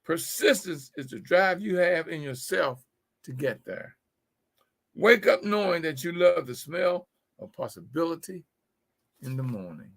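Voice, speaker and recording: A man's voice: a little high, lively intonation, unhurried, gravelly. A middle-aged man hosting a business talk show, telling stories in a folksy, preachy way and repeating his key phrases. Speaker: host.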